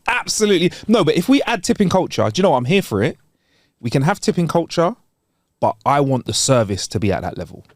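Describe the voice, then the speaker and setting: Fast, lively man chatting. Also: on the high side, no echo, clean studio sound. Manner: animated, jokey, slangy. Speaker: podcast co-host. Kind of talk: casual chat. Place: studio.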